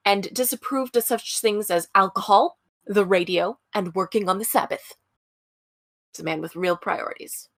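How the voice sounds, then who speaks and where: A woman's voice: medium pitch, moderate pace, no echo, clean studio sound. A woman co-hosting a true-crime podcast, telling the story casually with wry asides. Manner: chatty, wry asides with frequent laughs. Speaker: podcast co-host.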